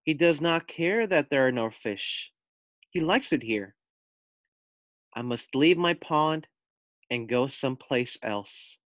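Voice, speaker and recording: A man voicing a gentle, kindly male frog in a children's storybook, speaking earnestly. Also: mid-range voice, expressive, slow pace, pauses often, dry recording, voice pushed up. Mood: sad.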